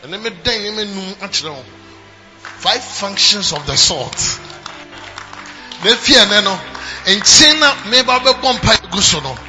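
A man with a Ghanaian accent preaching a sermon, moving between quiet teaching and shouted declarations to his congregation. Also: high-pitched, expressive, a little slow, pauses often. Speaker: pastor. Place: church service. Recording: live church with music and congregation. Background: instrumental music and congregation.

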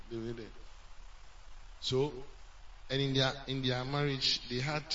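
A male pastor, preaching a sermon and telling a story, swinging between loud and hushed, on a dull lo-fi recording. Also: medium pitch, steady tone, measured pace, recorded from a distance, slight background noise.

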